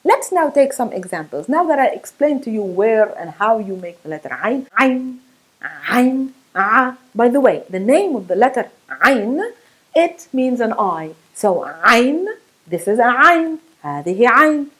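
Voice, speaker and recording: A woman's voice: on the high side, animated, a little slow, a bit bright, low-quality recording. A woman whose first language is Arabic gives an online pronunciation lesson, demonstrating throaty sounds and laughing at herself. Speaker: Arabic teacher.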